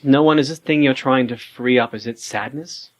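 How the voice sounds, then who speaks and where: A man's voice: mid-range voice, moderate pace, no echo. A man playing a tabletop game, asking hesitant questions at a game café. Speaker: player.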